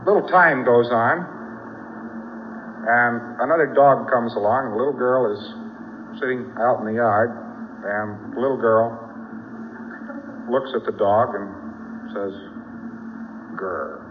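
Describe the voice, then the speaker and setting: A man's voice: mid-range voice, unhurried, long pauses, narrow, tinny audio, noisy background. A man giving a spoken lecture, telling folksy stories with frequent asides.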